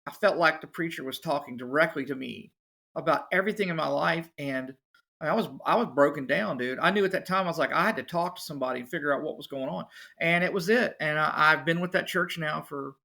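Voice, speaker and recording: A man, a musician and podcast guest, telling his story in a casual, animated way. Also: on the high side, fast, gravelly. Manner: animated, acts out other people's voices.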